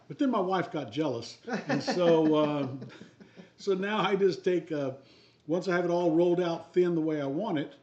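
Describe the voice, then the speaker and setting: Man with a dark, relaxed voice. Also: a little high. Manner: relaxed, rambling explanation with many fillers. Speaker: guest on homebrew livestream. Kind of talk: casual chat. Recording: dull, echoey room audio.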